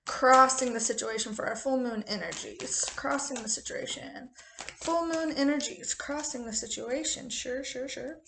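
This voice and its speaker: A woman's voice: fairly high pitch, moderate pace, creaky, reverberant, noisy background. A chatty woman with a rural American accent, reading tarot cards in a casual, joking, profane way. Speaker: tarot reader.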